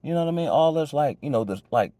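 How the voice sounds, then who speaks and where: A man's voice: on the high side, expressive, fast, warm tone, no room sound. A man giving life advice in a casual monologue, laid-back and slang-heavy, often checking in with "you know what I'm saying". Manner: reflective and earnest. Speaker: vlogger sharing life advice.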